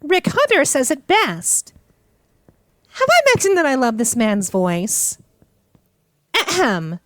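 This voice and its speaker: Playful high-voiced woman gamer. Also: big pitch swings, slow pace, fairly bright tone, dry recording, clean studio sound. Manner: playful, theatrical, teasing. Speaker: gaming streamer. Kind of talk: let's play commentary.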